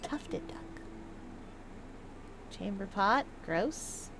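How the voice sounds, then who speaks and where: Speaking extremely slowly, this gaming video host is a young woman whose medium-pitched, fairly bright voice stays expressive throughout. She keeps up casual, playful let's-play chatter while she plays and sometimes reads notes in a mock old-fashioned style. There is slight background noise.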